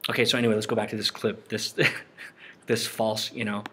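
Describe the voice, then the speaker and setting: A man's voice: lowish voice, level tone, fairly quick, pushed and bright, a little hiss or hum. A man giving casual, rambling Christian commentary on film clips, often repeating himself and acting out the people he talks about. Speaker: Christian documentary presenter.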